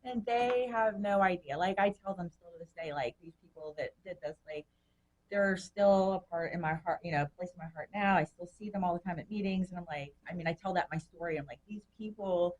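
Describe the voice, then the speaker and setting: A woman guest on a recovery podcast, telling her story in a chatty, animated way and acting out the voices of people she quotes. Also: on the low side, brisk, slight background noise, low-quality recording. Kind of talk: personal storytelling.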